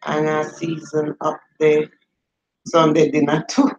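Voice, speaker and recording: A woman's voice: sits low, completely flat delivery, takes it slowly, darkish tone, echoey room, highs cut off. A middle-aged woman from Jamaica with a Jamaican accent, chatting casually on a livestream and answering viewer comments as she goes. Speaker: livestream host.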